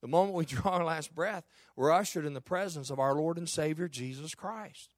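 A man's voice: on the high side, moderate pace, hardly any pauses, dry recording, clean studio sound. A middle-aged man, a pastor preaching a sermon with impassioned, repetitive phrasing.

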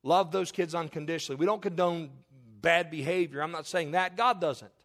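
A middle-aged pastor's slightly high, fairly bright voice moves fairly quickly through a fervent sermon. He calls out to the congregation with impassioned questions and appeals.

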